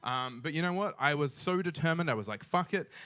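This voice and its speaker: A young Australian man telling a funny personal story on stage, animated and self-mocking, swearing freely. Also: a little high, fast, smooth, no echo, clean studio sound. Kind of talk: live storytelling.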